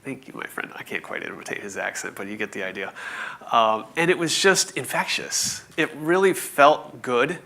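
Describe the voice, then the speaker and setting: A man in his forties telling a conference audience a story, halting with many fillers and restarts, with light chuckles. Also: medium pitch, sharp tone. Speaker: conference speaker. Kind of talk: presentation talk.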